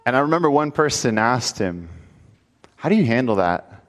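A pastor giving a sermon, telling a story with animation and rising into emphatic calls to the congregation. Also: male voice, mid-range voice, big pitch swings, normal speed, long reverb tail.

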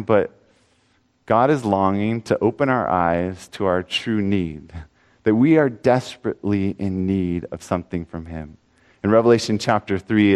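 A man preaching a sermon in an earnest voice, swinging between loud pleading and hushed, low asides. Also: clear, resonant tone, big-room sound.

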